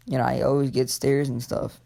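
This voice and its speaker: A timid orphan boy speaks softly and meekly, as a man retelling an anime story puts him on. The voice stays gravelly, close to the teller's own. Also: medium pitch, little pitch movement, fairly quick.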